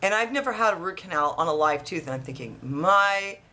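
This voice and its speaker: A woman casually telling a personal story, rambling and animated with lots of restarts. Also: low-pitched, fast. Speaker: vlogger.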